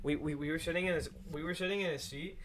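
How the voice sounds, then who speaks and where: A man with a somewhat higher voice rambles through a story on a casual podcast. He swears freely, laughs mid-sentence and restarts his thoughts often. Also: fairly even intonation, fast, a bit bright, slight background noise. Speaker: podcast co-host. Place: indoor podcast setup.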